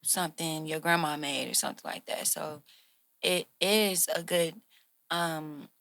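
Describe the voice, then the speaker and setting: Middle-aged female singer from Georgia, gravelly texture, relaxed chat, laughs a lot. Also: deep voice, a little slow, no room sound. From Georgia, USA. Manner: laughs often while talking. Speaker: guest singer. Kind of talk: casual chat.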